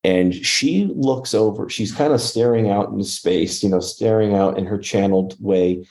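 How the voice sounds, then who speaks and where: A man's voice: on the low side, normal speed, darkish tone. A man telling a personal story as a podcast guest, earnest, with frequent restarts and acted-out quotes. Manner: earnest, restarts often, acts out quoted speech. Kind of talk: conversational storytelling.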